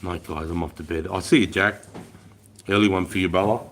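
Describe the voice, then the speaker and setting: A man's voice: deep voice, fairly quick, a little hiss or hum. Profane Australian man on a livestream. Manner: profane, animated storytelling, swears constantly. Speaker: livestream host, army veteran. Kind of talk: casual livestream chat.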